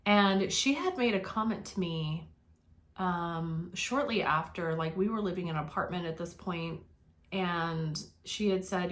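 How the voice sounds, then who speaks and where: A woman's voice: on the low side, measured pace. A woman in her forties telling her own life story in an earnest, reflective way, with many fillers and restarts. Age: 40s. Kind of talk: personal storytelling to camera.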